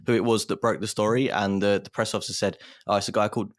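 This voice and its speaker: Low-voiced man in casual chat. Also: fairly even intonation, fast talker, no echo, clean studio sound. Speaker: podcast co-host.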